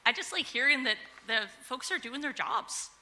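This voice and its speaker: A woman's voice: high voice, expressive, normal speed, very noisy. A female election candidate speaking effusively and gratefully at a forum. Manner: warm and effusive. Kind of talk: debate remarks.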